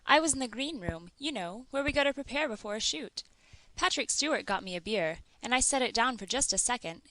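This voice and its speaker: A woman voicing a distraught, tearful grown man in an audiobook, read in a flat, even way. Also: on the high side, no echo.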